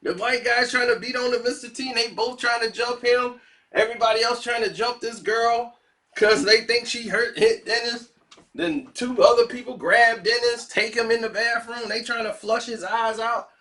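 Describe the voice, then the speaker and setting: Animated man telling a wild story. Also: very high voice, normal speed. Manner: animated, laughing often, playing the characters. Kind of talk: casual anecdote.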